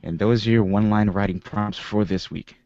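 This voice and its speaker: A man reading a list of writing prompts aloud in a measured, deadpan way. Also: on the low side. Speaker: podcast guest. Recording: dry, muffled lo-fi audio.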